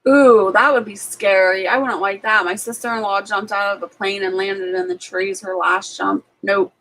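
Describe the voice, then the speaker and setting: A woman chats casually with her live viewers while she cooks, talking easily at a mid pitch. She rambles through stories, full of "like" and "um", and laughs often. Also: steady tone, moderate pace, a bit bright, low-quality recording. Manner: chatty storyteller, laughs often, filler-heavy. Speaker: live-stream host. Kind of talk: casual live-stream chat while cooking. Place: home kitchen.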